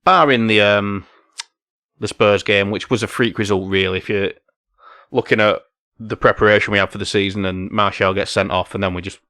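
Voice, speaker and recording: A man's voice: lowish voice, steady tone, moderate pace, pushed and bright, no room sound, studio quality. A man co-hosting a football podcast, chatting casually with many tag questions. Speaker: podcast co-host.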